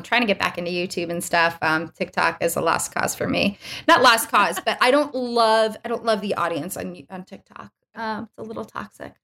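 A woman health coach, a guest on a podcast, talking casually with many pauses and fillers. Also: mid-range voice, fairly bright tone. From Boston area. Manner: chatty, hesitant, many fillers.

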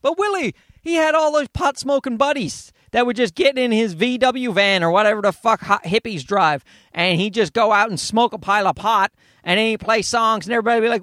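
Profane ranting man, high lively voice. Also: brisk, no echo, studio quality. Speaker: podcast host. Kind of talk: rambling solo podcast rant.

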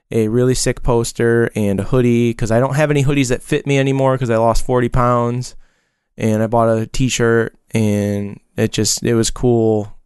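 A man in his forties tells a loose, rambling story in casual podcast chat, stopping and restarting as he goes. His voice is smooth and clear, recorded dry and close with no room sound. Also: medium pitch, darkish tone, no echo. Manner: rambling, chatty storytelling with frequent fillers.

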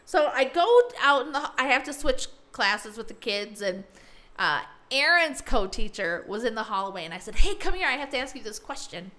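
A woman's voice: fairly high pitch, normal speed. A woman who teaches school tells a funny story in casual chat, acting out the voices of the people in it. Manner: animated storyteller who acts out the voices of others.

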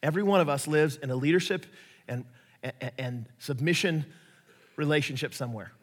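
A man preaching a sermon, telling stories in a lively way and acting out the voices of the people he quotes. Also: on the high side, a little fast. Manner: animated storytelling, acts out quoted voices. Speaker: pastor. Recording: echoey hall reverb.

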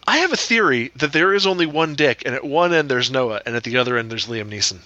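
A young man co-hosting a comedy podcast, dropping dry, deadpan one-liners. His tone is bright and clear. His pitch moves around freely. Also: quick pace, no room sound, muffled recording. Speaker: podcast co-host. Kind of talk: casual comedy podcast banter.

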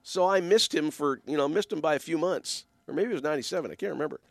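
This Ottawa-region minister has a fairly high, gravelly voice and talks fast, giving an earnest, wandering, casual reflection marked by emphatic stresses. The clean studio recording has no echo.

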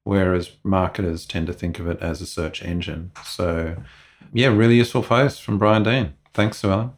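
A man co-hosting a podcast in a casual, frank manner. His voice sits fairly low, and he talks things through in a relaxed way, giving his opinions plainly. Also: moderate pace. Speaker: podcast co-host.

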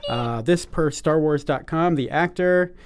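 Upbeat man, fairly high voice. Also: unhurried, background noise. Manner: upbeat, joking, frequent fillers. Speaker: podcast co-host. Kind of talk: casual chat.

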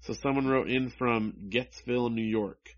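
Over a dull, lo-fi recording, a co-host reads comic strips aloud with wry mockery, pitching the dialogue lines in raised voices. His medium-pitched voice has fairly even intonation and a moderate pace.

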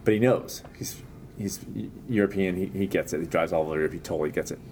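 A man hosting a casual chat, telling stories in a lively way with frequent laughs. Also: deep voice, fast, slight background noise. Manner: animated storyteller, laughs often. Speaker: podcast host.

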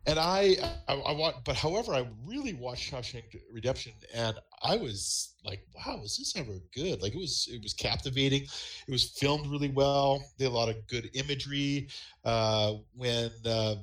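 A man's voice: medium pitch, a bit bright. Man, mid-range voice, earnest, stumbles over his words. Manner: earnest, hesitant, repeats himself while thinking. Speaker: podcast panelist. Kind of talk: casual chat.

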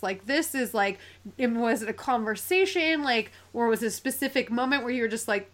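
A woman with a fairly high voice hosts a podcast interview. She talks in a loose, chatty way, leaning on "like" as she works toward her questions. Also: expressive, fairly quick, fairly bright tone. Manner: chatty, lots of "like" fillers. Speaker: podcast host. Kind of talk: conversational interview.

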